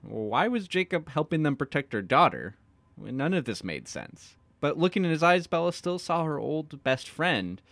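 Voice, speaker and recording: A man's voice: fairly high pitch, very animated, moderate pace, creaky, a bit bright, dry recording. A man co-hosting a podcast, recapping a book with sarcastic jokes and swearing. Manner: sarcastic, swearing, jokey asides. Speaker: podcast co-host. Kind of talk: casual chat and recap reading.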